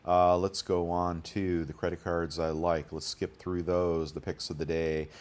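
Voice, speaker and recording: A man's voice: sits low, little pitch movement, a little slow, a little mellow. A man hosting a bullion deals channel, talking casually and rambling through prices with many fillers. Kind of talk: casual screen-share commentary.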